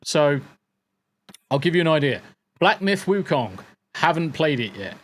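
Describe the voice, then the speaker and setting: A man's voice: a little high, sing-song, measured pace. Swearing, rambling man hosting a podcast. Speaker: podcast host. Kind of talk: casual chat. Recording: air conditioner crackle behind the voice.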